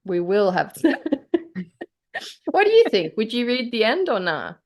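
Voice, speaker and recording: An Australian woman who co-hosts a podcast and writes books chats casually and reads her own story aloud with feeling. Her fairly high voice moves slowly; she's animated, laughs often and gets choked up.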